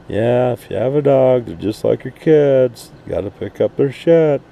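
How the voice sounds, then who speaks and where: A man's voice: mid-range voice, expressive, moderate pace, vocal fry, hardly any pauses, highs cut off, a little hiss or hum. A man in a profane, blunt, rambling casual rant, recorded outdoors at night at an RV park. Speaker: RV vlogger.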